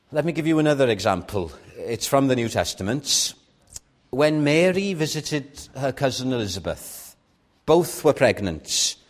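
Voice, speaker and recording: Earnest man preaching a sermon. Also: a little high. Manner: earnest, personal, with sudden soft drops and raised stresses.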